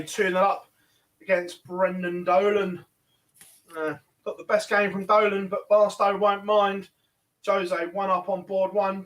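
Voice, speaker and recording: Man, high voice, darts commentary host, brisk chatty play-by-play, distant mic. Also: fairly bright tone. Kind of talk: live online sports commentary.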